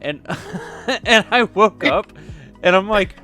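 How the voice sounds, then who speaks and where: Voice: mid-range voice, expressive, takes it slowly, bright, forceful tone, soft background music. A streamer hosting a casual interview on a voice call, rambling through stories and laughing. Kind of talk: casual online chat.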